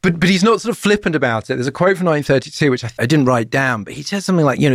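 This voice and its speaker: A middle-aged man co-hosting a conversational history podcast, animated and quick with jokes and asides. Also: a little high, no room sound, clean studio sound. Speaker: podcast co-host.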